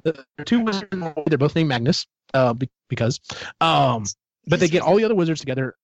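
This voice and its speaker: A man's voice: a little high, expressive, a little fast, dry recording. A man hosting a podcast, casually retelling a book plot in a rambling way, swearing freely. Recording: dull, dry lo-fi sound.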